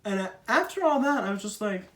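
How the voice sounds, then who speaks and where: A man's voice: high voice, lively intonation, quick pace, fairly bright tone, distant mic. A young man performing a casual stand-up monologue, chatty and self-deprecating with lots of fillers. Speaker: stand-up comedian.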